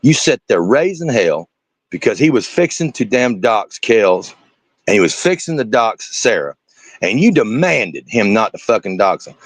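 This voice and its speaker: A man's voice: fairly low pitch, very animated, normal speed, no echo. Cussing man ranting on stream. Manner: profane, ranting, confrontational. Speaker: streamer reacting to clips. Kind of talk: angry reaction commentary.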